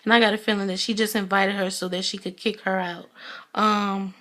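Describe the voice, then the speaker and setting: A woman's voice: mid-range voice, flat delivery, fairly quick, a bit bright. A young woman giving a casual, blunt, chatty review of a TV episode, with lots of ums. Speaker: TV show reviewer.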